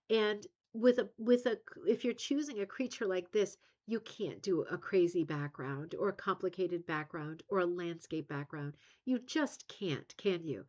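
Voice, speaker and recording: Chatty woman host musing aloud, lo-fi. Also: mid-range voice. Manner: chatty, musing aloud, frequent ums and rhetorical "right?". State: tired, yawning. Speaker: livestream host of a rug hooking club. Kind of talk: casual livestream chat.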